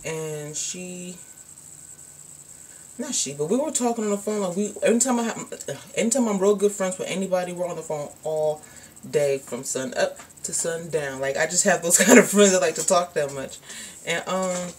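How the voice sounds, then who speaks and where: Young woman vlogger, lowish voice, loose and candid storytelling with plenty of filler words. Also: normal speed, darkish tone, slight background noise. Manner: rambling, candid, lots of "like" and "um". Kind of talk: casual storytelling to camera.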